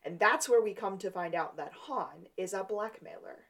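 A woman co-host in casual podcast chat, walking through the plot and slipping into quoted lines for the characters. Her voice sits at a middle pitch for a woman. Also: moderate pace, fairly bright tone. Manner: retells scenes, acting out quoted lines.

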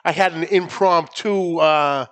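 A man's voice: a little high, takes it slowly, fairly bright tone. A man from New England co-hosting a barbecue podcast, chatting casually and rambling with repeated words. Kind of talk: casual chat.

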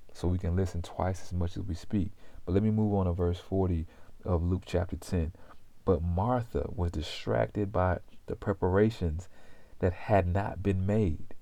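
A male pastor delivers a sermon in a very deep, mellow voice, recorded dry and close. He reads scripture aloud with its references and keeps turning to his listeners with rhetorical questions that climb in pitch. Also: creaky, no echo.

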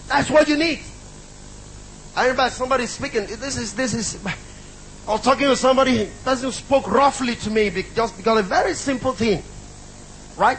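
High-pitched preacher guy, middle-aged, keeps asking the church if he's talking to somebody, slight noise. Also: normal speed, long pauses, a bit bright, poor audio. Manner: emphatic and repetitive, with call-outs to the congregation. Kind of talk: sermon.

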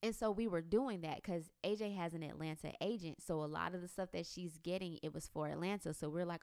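A woman, a mother, telling a faith-based personal story in a lively way, acting out her own past thoughts. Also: on the low side, normal speed, hardly any pauses, clear, resonant tone, no room sound, clean studio sound. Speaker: mother sharing a testimony.

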